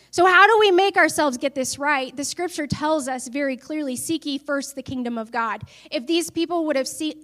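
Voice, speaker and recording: High-pitched lady preacher, earnest, gets emphatic and tells her own story. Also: a bit bright. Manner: earnest, building to emphatic declarations. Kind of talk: sermon.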